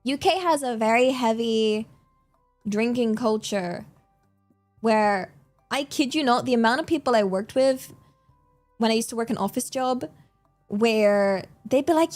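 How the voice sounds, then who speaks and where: A young woman streaming, chatting casually in a giggly, animated, exclamatory way. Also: on the high side, measured pace, long pauses, faint music behind. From England. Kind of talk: casual chat.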